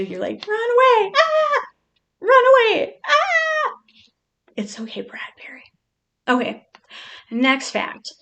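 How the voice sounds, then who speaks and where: A woman chatting playfully to her pet, reading out odd facts in a casual, joking way. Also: mid-range voice.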